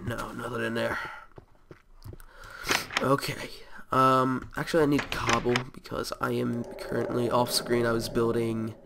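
A man's voice: medium pitch, creaky, background noise. A man with a cold and a nasal voice, rambling casually as he hosts gameplay commentary. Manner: rambling, chatty, easygoing. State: sick with a cold. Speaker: host.

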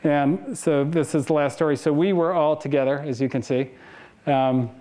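Casual man giving a talk, higher voice. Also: steady tone, normal speed, warm tone. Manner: casual, storytelling, laughs between anecdotes. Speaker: guest speaker. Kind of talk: conference talk with slides. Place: lecture hall.

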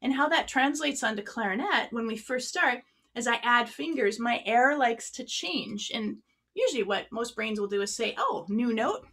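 A woman's voice: fairly high pitch, animated, normal speed, a bit bright. A woman clarinet teacher giving an online workshop lesson. She explains and demonstrates as she goes, a few feet from her mic.

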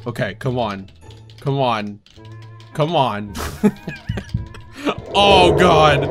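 A young adult commenting live on gameplay, panicky and yelping, with quick repeated phrases. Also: mid-range voice, expressive. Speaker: gaming video creator. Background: game music.

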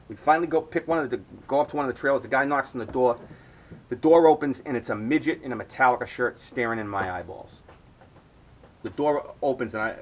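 A man's voice: mid-range voice, rough recording. A middle-aged man hosting his own podcast, telling a long, rambling story full of swearing. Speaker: podcast host. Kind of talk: storytelling monologue.

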